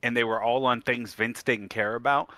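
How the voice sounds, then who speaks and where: A man's voice: mid-range voice, steady tone, normal speed, bright, forceful tone, no room sound, studio quality. A man co-hosting a wrestling podcast in casual chat, matter-of-fact and brief. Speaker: podcast co-host.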